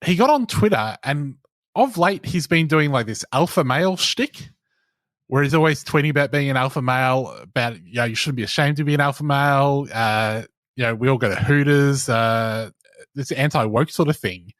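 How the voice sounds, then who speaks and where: A man's voice: mid-range voice, moderate pace, a bit bright, dry recording. Wry man, dry close sound. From Australia. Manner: wry, sardonic storytelling. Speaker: podcast co-host. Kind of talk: casual chat.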